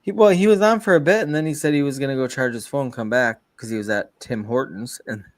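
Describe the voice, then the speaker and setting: A man's voice: mid-range voice, quick pace, dry recording, studio quality. A man hosting a casual livestream podcast, bantering with crude jokes and frequent laughter. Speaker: podcast host.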